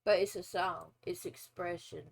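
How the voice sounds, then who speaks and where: A former nurse in her forties hosts a casual reaction video with blunt opinions and drawn-out asides. She has a lowish, creaky voice with a steady tone, and the recording is low-quality.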